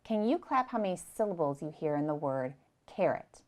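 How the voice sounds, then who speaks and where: A young woman teaching preschoolers, gentle and patient, speaking slowly and clearly and repeating her directions. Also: on the low side, very animated. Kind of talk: slow, clear lesson for young children.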